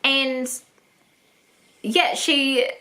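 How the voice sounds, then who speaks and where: A woman's voice: high-pitched, fairly even intonation, extremely slow, pushed and bright. A young woman talking to the camera at home in a personal vlog, rambling and gushing, repeating words for emphasis. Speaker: vlogger. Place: at home indoors.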